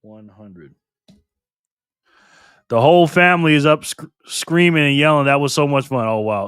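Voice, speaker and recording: A man's voice: fairly high pitch, normal speed, long pauses, fairly bright tone, clear, resonant tone, no echo. A man hosting a casual live stream, reading viewer comments aloud in a playful, teasing way and laughing often.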